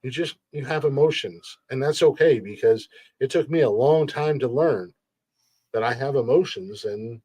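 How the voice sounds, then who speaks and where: A man's voice: medium pitch, normal speed, darkish tone, slightly rough, no echo. A man hosting a podcast in casual chat, who often stammers, repeats words and laughs while he talks. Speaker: podcast host.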